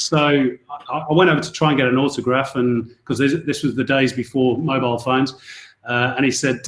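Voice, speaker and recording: A man's voice: medium pitch, fairly even intonation, brisk, fairly bright tone, reverberant. A middle-aged man from Northwest England, a football commentator telling anecdotes in a chatty podcast interview with frequent restarts.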